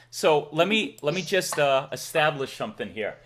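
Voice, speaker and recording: A man's voice: sing-song, normal speed, fairly bright tone, a little hiss or hum. A man from Massachusetts with a Massachusetts accent, hosting a livestream in casual chat and laughing often. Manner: laughs often, chatty, swoops in pitch. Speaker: livestream host.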